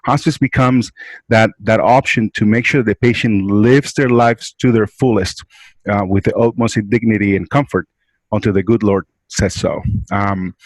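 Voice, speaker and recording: A man's voice: lowish voice, steady tone, moderate pace, no room sound, poor audio. Earnest man with a dry, close sound. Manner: earnest, adds "right?" and "um" often. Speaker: hospice care representative. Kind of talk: interview explaining and telling a story.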